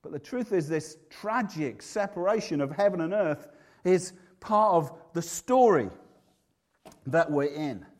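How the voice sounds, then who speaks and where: A man's voice: on the high side, animated, a little slow. A man with a Yorkshire accent preaching a sermon in a conversational, humorous way, often restarting his sentences.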